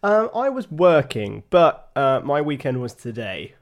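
A young man co-hosting a relaxed podcast. He tells everyday stories in a dry, understated way and downplays his own part with light irony. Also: medium pitch, unhurried, muffled recording. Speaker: podcast co-host. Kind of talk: casual chat.

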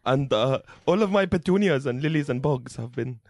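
A man's voice: medium pitch, expressive, normal speed, a little mellow, dry recording, studio quality, voice pushed down. A man putting on a flower-mad father pleading with police. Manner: pleading, rambling. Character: fussy immigrant father obsessed with his flowers.

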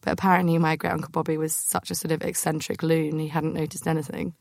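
A woman's voice: deep voice, level tone, quick pace, creaky, darkish tone, dry recording, studio quality. A woman hosting a podcast, telling breezy, self-mocking stories with lots of "like". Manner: breezy, self-mocking, many filler likes. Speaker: podcast host. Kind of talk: chatty anecdote storytelling.

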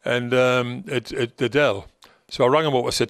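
An older man with a Geordie accent and a gravelly, creaky voice, recounting old stories in an unhurried, rambling way full of ums and restarts. His voice sounds close and dry, with no room around it. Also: mid-range voice, fairly even intonation, a bit bright, no echo. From North East England. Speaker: guest, former football manager. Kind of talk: relaxed anecdotal storytelling.

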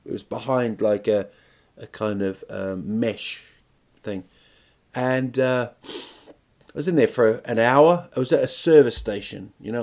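A man's voice: mid-range voice, a little mellow. Rambling, self-mocking podcast man. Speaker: podcast host and comedian. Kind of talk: rambling comic storytelling monologue.

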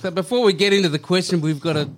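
An Australian man in a relaxed family podcast chat. He speaks in a somewhat high voice for a man and mulls things over aloud, posing questions to the group. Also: fast. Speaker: podcast co-host.

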